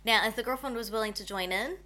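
A woman's voice: fairly high pitch, fast talker, pushed and bright. A woman co-hosting a casual chat, reading questions aloud, easygoing and giggly. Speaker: podcast co-host.

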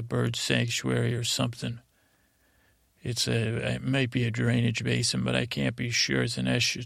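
A man hosting a podcast, telling a meandering bedtime story in a halting, drowsy way. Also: medium pitch, gravelly, fairly bright tone, no room sound, studio quality. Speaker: podcast host. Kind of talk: rambling bedtime story narration.

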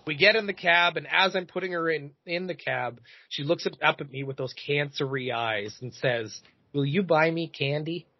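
A man in his thirties, a podcast host, telling a comedic story in an animated, profane way. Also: a little high, moderate pace, few pauses, no room sound, dull audio. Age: 30s.

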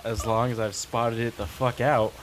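A man's voice: medium pitch, flat delivery, music in the background. A man playing a tabletop game, joking and swearing his way through casual banter. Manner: profane, quick and joking. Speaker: player.

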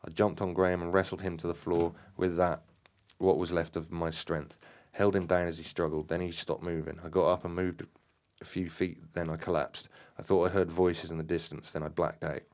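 A man's voice: low-pitched, level tone, normal speed, darkish tone. A man voicing a shaken, exhausted man recounting a fight with small hesitations. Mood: weary. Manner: plain retelling, with small hesitations.

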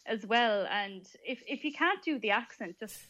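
An Irish woman co-hosting a radio show, giving strong opinions in an animated way. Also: on the high side, normal speed, highs cut off. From Ireland. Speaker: radio co-host. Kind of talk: casual radio chat.

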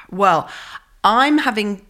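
Bright-voiced posh English woman. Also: mid-range voice. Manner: theatrical, self-mocking, lively asides. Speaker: comedian guest. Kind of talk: casual podcast chat.

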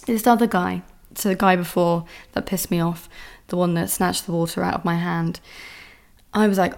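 A young woman hosts her own podcast in a casual solo rant about dating, her lowish, darkish voice steady and moderately paced with vocal fry. Exasperated, she swears often and mimics men's voices.

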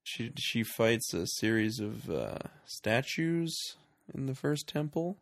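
A man's voice: medium pitch, expressive, slow pace, vocal fry, no room sound, studio quality. A man hosting a casual movie podcast, wry and jokey in his commentary. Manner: wry, jokey, slips into mock voices. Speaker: podcast host.

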